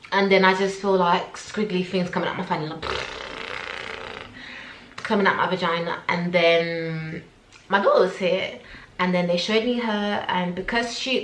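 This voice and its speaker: A young woman, telling a personal story to camera and acting out what everyone said. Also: fairly low pitch. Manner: animated, acts out her own quotes. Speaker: vlogger. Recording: echoey room.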